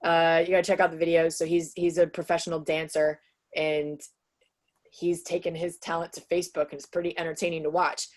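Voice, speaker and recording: Woman trainer in her 30s, slightly low voice, chatty webinar delivery heard over a video call, lots of ums and likes. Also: level tone, a little fast. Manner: chatty, with many "um" and "like" fillers. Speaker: sales trainer presenting to real estate agents. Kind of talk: casual webinar presentation.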